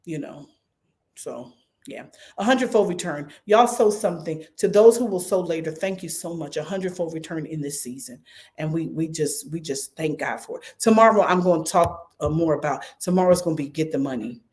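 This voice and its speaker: A middle-aged woman pastor with a Philadelphia accent, talking to viewers on a livestream in a lively, repetitive way and calling on them by name. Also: sits low, moderate pace. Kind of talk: livestream preaching and fundraising talk.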